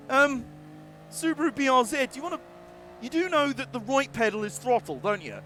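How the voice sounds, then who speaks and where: A man giving live racing gameplay commentary, excitable and jokey, laughing often and swearing now and then. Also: very high-pitched, fairly quick, a little hiss or hum. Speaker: game streamer.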